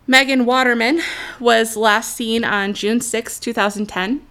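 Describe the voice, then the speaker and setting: A woman host walks listeners through a true crime case in a crisp, bright voice. She speaks earnestly, with her own feelings coming through in the telling. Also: fairly high pitch, fairly even intonation, measured pace. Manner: earnest, openly emotional commentary.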